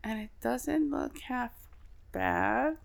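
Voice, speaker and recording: A woman's voice: on the high side, slow, creaky. A woman co-hosting a podcast in casual chat, swearing freely and laughing often. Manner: swears a lot, lively storytelling, laughs often. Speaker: podcast co-host.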